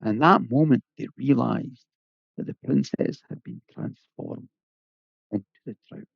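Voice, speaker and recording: Gravelly male storyteller. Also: mid-range voice, measured pace, no room sound. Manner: lilting, conversational, folksy asides. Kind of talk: oral folk-tale telling. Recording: dull lo-fi, dry.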